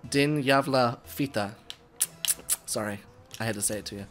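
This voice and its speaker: A young man hosting a casual gaming livestream, excitable and swearing freely between laughs. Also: medium pitch, moderate pace, music in the background. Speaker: livestream host.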